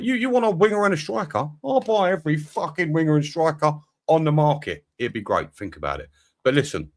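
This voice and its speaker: Swearing, animated man hosting. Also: medium pitch. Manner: swears freely, exasperated, excitable. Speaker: podcast host. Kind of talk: casual live football podcast.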